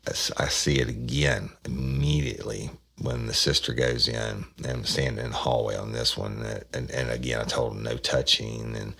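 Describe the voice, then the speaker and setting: A man's voice: very deep voice, steady tone, moderate pace, vocal fry, few pauses, bright, forceful tone, husky. A man, telling a true-crime story on a podcast in a rambling way, often repeating words and acting out what people said. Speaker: podcast host recounting a case.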